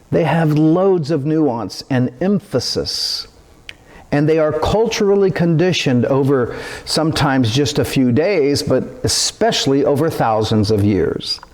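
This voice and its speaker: A middle-aged male pastor delivers a sermon at an unhurried, measured pace. His voice sits at an ordinary pitch but moves expressively, lifting and dropping to stress his points. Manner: slow, deliberate preaching with animated inflection.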